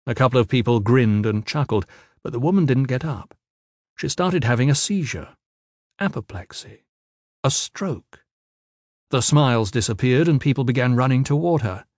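This is a man narrating an audiobook from a script, his mid-range voice steady and measured as he tells the tale. The audio is studio quality and free of room sound.

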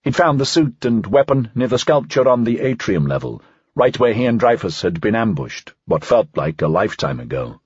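Male audiobook narrator, low husky voice, lively delivery, dry slightly dull recording. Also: normal speed, no room sound. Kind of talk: scripted fiction narration.

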